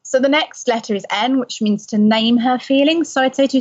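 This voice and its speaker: A woman explaining parenting advice in a calm, gentle conversational way. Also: a little high, brisk, hardly any pauses. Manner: calm, gentle, soothing when voicing a parent. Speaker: parenting expert guest. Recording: slightly dull lo-fi sound.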